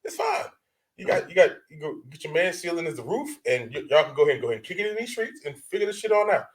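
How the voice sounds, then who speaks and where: Animated man reacting to clips. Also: fairly high pitch, rapid-fire, poor audio. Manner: animated, swears a lot, acts out quoted voices. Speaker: co-host of a reaction show. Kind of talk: casual reaction commentary.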